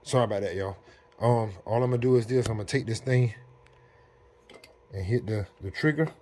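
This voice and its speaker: A fairly low-voiced man with a drawl explains a repair job to his viewers. His delivery is relaxed and unhurried, walking through each step. It is picked up on a camera mic in a garage. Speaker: DIY mechanic. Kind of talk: casual how-to narration.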